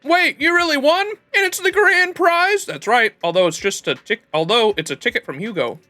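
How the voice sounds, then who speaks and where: Give me a man doing a wry, cheerful young woman in a game, high and bright. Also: normal speed, soft background music. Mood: teasing.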